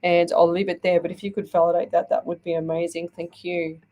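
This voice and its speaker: A woman's voice: fairly low pitch, flat delivery, mellow. Chatty psychic woman. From Australia. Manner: chatty, reads out comments, halting with fillers. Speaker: psychic medium host. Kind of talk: live-stream psychic readings.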